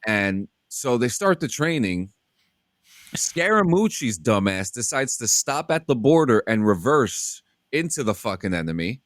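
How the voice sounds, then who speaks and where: Animated, swearing man telling a story. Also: medium pitch, a little slow, no echo. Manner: animated, profane, acts out shouted quotes. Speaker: podcast host. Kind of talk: casual storytelling chat.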